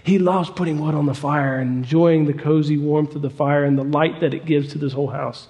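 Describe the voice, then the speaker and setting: Folksy storytelling preacher in a reverberant hall. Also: male voice, a little high, fairly even intonation, brisk, dark tone. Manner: folksy, repetitive, emphatic. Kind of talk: storytelling sermon.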